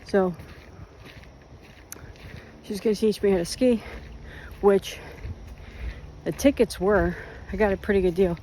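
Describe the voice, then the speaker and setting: Mellow-voiced vlogger telling stories. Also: mid-range voice, a little slow, pauses often, a little hiss or hum. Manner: rambling, self-mocking anecdotes. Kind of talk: casual storytelling on a walk. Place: outdoors, walking.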